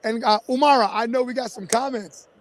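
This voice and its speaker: High-voiced, enthusiastic man hosting. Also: a little fast. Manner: enthusiastic, appreciative. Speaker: host. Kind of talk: live stream interview.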